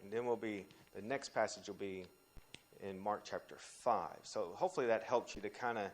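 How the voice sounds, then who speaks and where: A man teaching a Bible study, talking in an animated way with restarts and sudden rises when he quotes scripture. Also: moderate pace, slight background noise. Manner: animated, frequent restarts, pitch jumps when quoting scripture.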